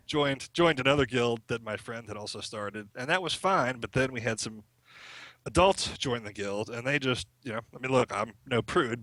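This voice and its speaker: A middle-aged man tells a story as a guest on a podcast, laughing often as he goes. His voice is bright and forward, and the close mic keeps it dry. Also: medium pitch, no room sound. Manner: chatty, laughs often while telling stories. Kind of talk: casual storytelling chat.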